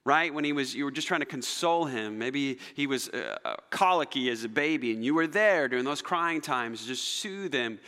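A male pastor preaching a sermon, telling stories dramatically and swinging between loud emphasis and near-whispers. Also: mid-range voice, moderate pace, few pauses. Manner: animated, dramatic storytelling with shifts between loud and soft. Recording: long hall reverb.

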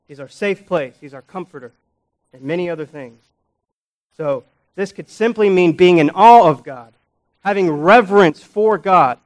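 A male pastor delivering a sermon in a somewhat high-pitched voice. He hammers key phrases by repeating them and swings from urgent, raised passages down to quiet, low asides. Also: rough recording.

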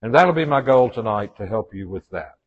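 A man's voice: fairly low pitch, expressive, fairly quick, husky, highs cut off. A man with a Southern US accent teaching a church leadership class in a folksy way, with joking asides and frequent restarts. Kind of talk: informal church class lecture.

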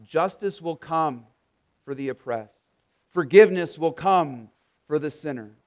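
High-voiced man preaching an earnest sermon. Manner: earnest preaching, rising to emphatic proclamation on quoted scripture. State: tired. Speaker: pastor.

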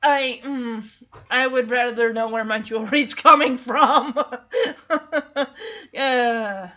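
A woman's voice: on the high side, slow, bright, forceful tone, dull audio. A woman casually recapping a sitcom episode, chatty, with laughing asides. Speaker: show recapper.

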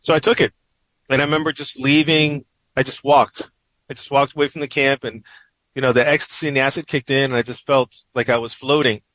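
A man's voice: medium pitch, steady tone, fairly quick, fairly bright tone, dry recording, poor audio. A middle-aged man with a New York accent, telling a personal story as an interview guest in a reflective way, with many "you know" fillers. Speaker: interview guest, professor and writer.

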